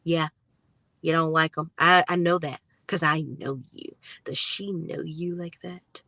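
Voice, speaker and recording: A woman's voice: low voice, fairly even intonation, unhurried, bright, forceful tone, no echo, pitched below the performer's own voice, exaggerated voice. A woman putting on the voice of a possessive pregnant woman, cooing and smug.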